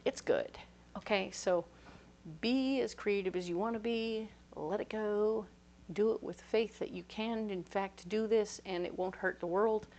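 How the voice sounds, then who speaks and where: A woman giving a casual, playful tarot reading, chatty and full of quick asides. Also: mid-range voice, a little mellow, dull audio. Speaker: tarot reader.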